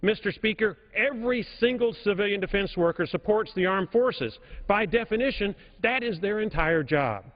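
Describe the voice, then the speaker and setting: A man's voice: sits high, expressive, normal speed, hardly any pauses. A man giving a formal, emphatic floor speech as a congressman in a large legislative chamber, repeating key points for stress at a podium microphone. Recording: reverberant chamber, dull broadcast audio.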